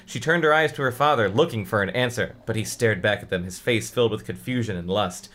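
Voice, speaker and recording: A man's voice: on the low side, fast talker, few pauses, a bit bright. A man co-hosting a comedy podcast, reading a book aloud with playful banter. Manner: playful, jokey, puts on voices.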